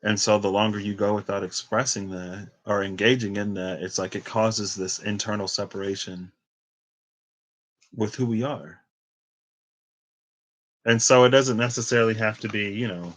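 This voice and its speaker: A man's voice: lowish voice, steady tone, normal speed, pauses often, fairly bright tone, poor audio. Rambling young man reading tarot. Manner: rambling, chatty, trails off into tangents. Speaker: tarot reader.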